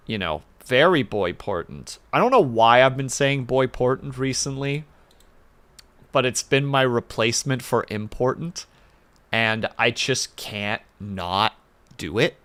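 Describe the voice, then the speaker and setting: A man's voice: medium pitch, sing-song, unhurried, a bit bright. A man chatting casually on a livestream, rambling with playful asides in a home setup with a desk mic. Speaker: streamer. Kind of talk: casual stream chat.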